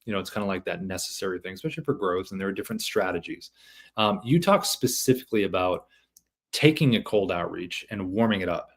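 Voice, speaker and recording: A man with a very low voice hosts a podcast and talks quickly. He backs up what his guest says before moving to a new question. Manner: affirming, sets up questions. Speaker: podcast host. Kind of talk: interview hosting.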